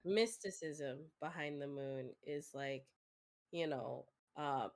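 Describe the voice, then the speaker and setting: A woman chatting casually while drawing on a stream, speaking softly because she is sick, with an occasional cough and frequent giggles. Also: low-pitched, slow pace. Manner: soft-spoken, giggly. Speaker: guest streamer.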